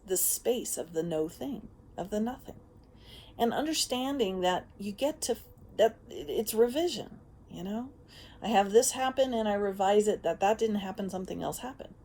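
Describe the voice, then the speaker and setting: A woman speaks casually in a self-help vlog, animated and straightforward, swearing without restraint and often breaking into laughs. Her voice is pitched at a medium level.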